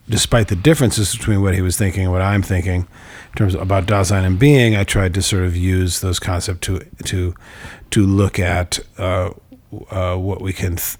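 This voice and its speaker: A man casually explaining a philosophy text, halting and restarting often, with many fillers. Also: deep voice, dry recording.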